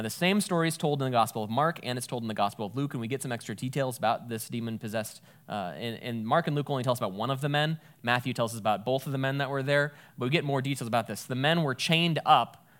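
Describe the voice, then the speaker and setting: A man's voice: medium pitch, fast, a bit bright. A man giving a casual, conversational Bible teaching, thinking aloud and correcting himself as he goes.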